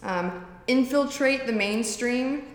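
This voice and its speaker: A woman's voice: on the high side, takes it slowly, reverberant, long reverb tail. A woman blogger who is a guest on a talk show, talking in a breezy, confident, casual way.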